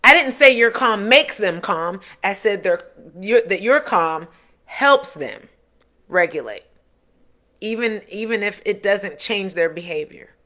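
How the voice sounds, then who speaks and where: A woman's voice: medium pitch, animated, a little slow, sharp tone. A woman who is the parent of an autistic son, giving earnest parenting advice straight to the camera and rephrasing her points to coach her listeners. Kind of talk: direct-to-camera advice talk.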